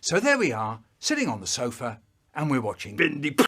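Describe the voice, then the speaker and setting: A man telling a comic childhood story in an animated, playful way, with stuttered sound effects. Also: mid-range voice, brisk.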